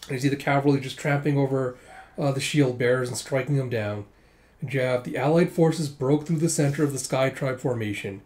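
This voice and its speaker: Dude casually reading through a manga at home, chatty, plain voice, adds sound effects. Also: male voice, medium pitch, a little fast, a little mellow. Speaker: manga reader and reviewer. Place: home room with windows open.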